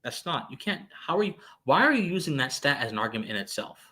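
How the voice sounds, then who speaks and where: A man's voice: medium pitch, big pitch swings, quick pace, pushed and bright. A man co-hosting a podcast, giving lecturing philosophical commentary with searching restarts and sudden emphatic jumps. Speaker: podcast co-host.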